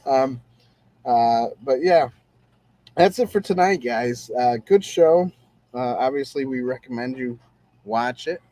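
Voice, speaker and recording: A man's voice: mid-range voice, expressive, slow pace, long pauses, mellow, no echo. A man hosting a casual show-review podcast, talking in an easygoing, rambling way with many fillers. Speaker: podcast host.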